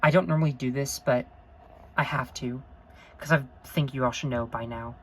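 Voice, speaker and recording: A woman's voice: extremely low pitch, normal speed, rough recording. A woman talking to camera in an unscripted review vlog, earnest and rambling, gushing with emotion and often apologizing. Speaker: vlogger.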